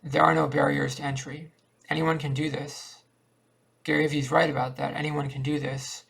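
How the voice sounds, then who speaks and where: Gravelly, downbeat man rambling. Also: on the high side, little pitch movement, moderate pace, a bit bright. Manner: downbeat, repetitive, thinking aloud. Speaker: vlogger. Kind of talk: rambling confessional monologue. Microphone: cheap webcam.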